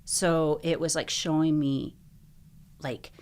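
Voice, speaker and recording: Earnest low-voiced woman telling her story. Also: fairly even intonation, takes it slowly, darkish tone. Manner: earnest, emotional, many filler likes. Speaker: podcast guest. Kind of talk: personal storytelling in a podcast interview.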